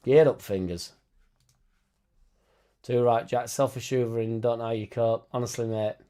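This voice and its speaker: A man with a Yorkshire accent hosts a live watchalong stream and reacts to the match as it plays. His voice sits at an ordinary middle pitch. He chats casually with his viewers, with plenty of swearing and banter. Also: steady tone, moderate pace, dark tone. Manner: blunt, swearing, chatty banter. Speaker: livestream host.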